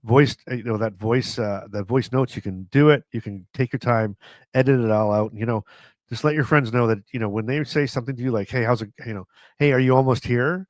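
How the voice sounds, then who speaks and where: A man's voice: medium pitch, brisk, dry recording. A middle-aged man from Canada telling funny stories to camera in a casual vlog, chatty and self-mocking, often laughing and restarting his sentences. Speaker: vlogger.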